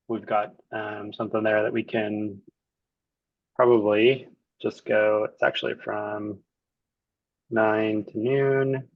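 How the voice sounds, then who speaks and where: A man acting as the client, casually walking through a software demo and thinking aloud as he clicks around. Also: medium pitch, no echo, muffled recording.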